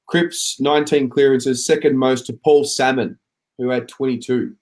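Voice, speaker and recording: A man's voice: mid-range voice, fairly even intonation, moderate pace, darkish tone. A man hosting a casual footy chat show, reading out viewer comments and chatting along. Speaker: podcast host reading comments.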